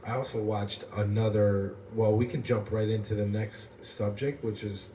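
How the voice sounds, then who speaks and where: Low-leaning and darkish, the American man's voice holds a steady tone at a moderate pace. He hosts a podcast, laughing frequently as he spins rambling stories in casual talk, captured on a distant mic in a roomy room with faint noise behind him.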